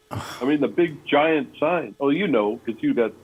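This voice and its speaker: A man's voice: mid-range voice, lively intonation, a little slow, slightly rough. An older man from Oregon calling in, blunt and folksy, swearing casually. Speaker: caller. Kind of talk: casual chat. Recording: phone line.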